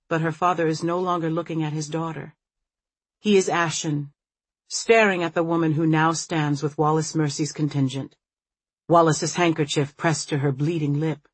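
A woman narrating a novel in the first person with measured, observant storytelling. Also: low-pitched, fairly even intonation, husky, dry recording. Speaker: audiobook narrator.

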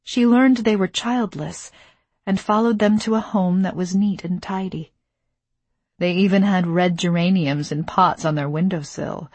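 A woman narrating a novel in the first person, measured and intimate, on a close studio mic. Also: lowish voice, steady tone, a little mellow, breathy edge, dry recording. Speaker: audiobook narrator.

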